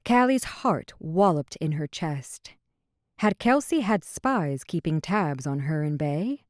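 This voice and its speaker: A woman narrates a fantasy audiobook in an even, measured way. Her voice is low, and the recording is close and dry with no room sound. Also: no echo. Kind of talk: scripted narration.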